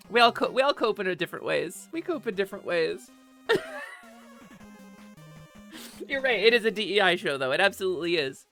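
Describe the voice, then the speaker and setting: A woman's voice: lowish voice, very animated, moderate pace, long pauses, a bit bright, soft background music. A woman streamer chatting casually and animatedly on a live stream, swearing offhand and laughing often. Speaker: Twitch streamer.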